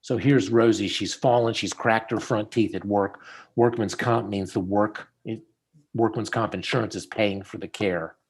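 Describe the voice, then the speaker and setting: Low-voiced dentist teaching over a call. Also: male voice, normal speed, breathy edge. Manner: storytelling, animated when quoting people. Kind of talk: casual teaching chat over slides. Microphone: video call.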